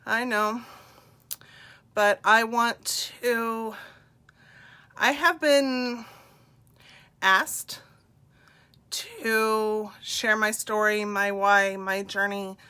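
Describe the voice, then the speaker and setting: A middle-aged woman with a drawl talks unhurriedly and warmly to her live-stream viewers, her bright, clear tone a little stuffed up from congestion. She confides in them and greets each by name. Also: mid-range voice. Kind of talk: personal live-stream talk.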